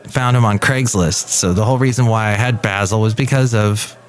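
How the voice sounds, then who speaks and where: A man's voice: fairly low pitch, a little fast. Rambling middle-aged man telling a story. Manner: rambling anecdotal delivery with restarts and acted quotes. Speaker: podcast host. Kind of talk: casual storytelling.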